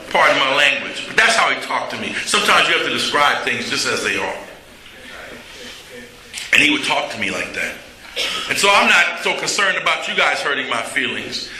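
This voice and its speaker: Middle-aged male speaker, plainspoken and candid, bright tone, roomy hall sound. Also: on the high side, slight background noise. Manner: candid, plainspoken storytelling with humor. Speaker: recovery meeting speaker. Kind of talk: personal recovery talk. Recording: echoey hall.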